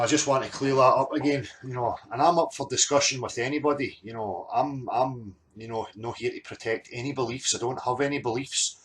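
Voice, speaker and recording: A man's voice: medium pitch, fairly bright tone. Argumentative man ranting. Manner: argumentative, repetitive fillers, emphatic. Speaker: channel host. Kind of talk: monologue reacting to clips.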